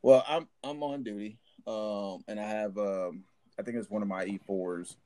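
Low-voiced army sergeant spinning a yarn. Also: male voice, steady tone, moderate pace, dark tone. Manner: rambling, profane, many restarts. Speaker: army sergeant telling a war story. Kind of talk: casual storytelling chat.

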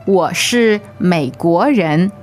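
A woman modelling phrases slowly and clearly as a co-teacher in a podcast lesson. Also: fairly low pitch, expressive, soft background music. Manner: slow, clearly enunciated. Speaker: language teacher. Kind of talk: slow model pronunciation.

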